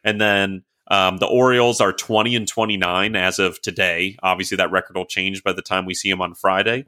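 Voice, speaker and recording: A man's voice: deep voice, flat delivery, a little fast, bright, forceful tone. A man co-hosting a casual sports podcast, rambling with lots of fillers before an upbeat sign-off. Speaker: podcast co-host.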